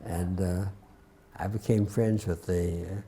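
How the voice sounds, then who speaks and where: A man in his nineties with a Southern US accent, being interviewed and telling an unhurried story with dry humor. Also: sits low, steady tone, dark tone. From Atlanta, US South. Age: 90s. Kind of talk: recounting a war memory.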